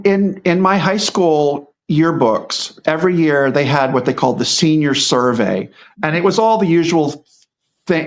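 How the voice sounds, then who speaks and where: A middle-aged man talking casually as a guest, rambling, with lots of restarts and repeated words. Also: fairly high pitch. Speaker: guest commentator. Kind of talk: casual conversational commentary.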